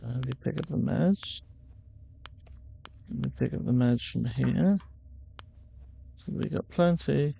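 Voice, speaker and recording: A man gives casual commentary on his game playthrough, thinking aloud as he plays. His voice is smooth with some gravel in it, and he talks slowly. The recording is dull and a little lo-fi. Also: medium pitch, warm tone. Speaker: gaming channel host.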